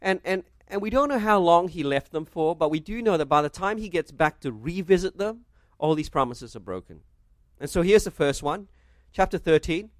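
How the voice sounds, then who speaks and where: Pastor, male, slightly high voice, dry close-miked sound, expository sermon with rhetorical asides. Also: no room sound. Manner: expository preaching, reads scripture aloud, asks the congregation rhetorical questions.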